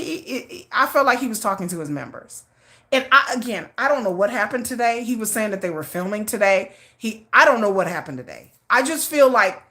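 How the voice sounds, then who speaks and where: A middle-aged woman talks her way through a casual livestream, circling back and restarting her sentences as she goes. Her voice is bright and forceful and sits slightly high, and she keeps the energy animated. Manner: rambling, repeats and restarts, animated. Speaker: livestream host.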